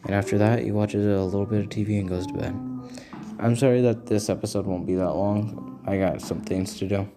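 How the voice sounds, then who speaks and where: Guy casually telling a fan story, lowish voice, rambly, guitar music behind. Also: fairly even intonation, brisk. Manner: rambling, with restarts.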